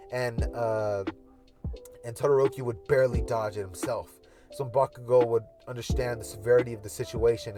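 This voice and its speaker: Man, mid-range voice, casual fan storytelling, repetitive, music in the background. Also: medium pitch. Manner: rambling, repetitive hypothetical narration with fillers. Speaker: YouTuber.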